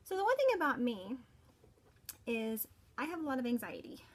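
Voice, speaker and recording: Earnest middle-aged woman, halting testimonial. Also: sits high, big pitch swings. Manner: earnest, halting, with frequent restarts. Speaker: parent giving a product testimonial. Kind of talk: personal testimonial.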